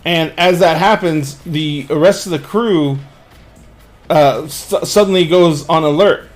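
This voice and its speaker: Game master, male, narrates scenes, a touch high in pitch. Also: slow pace, soft background music. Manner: descriptive narration with frequent restarts.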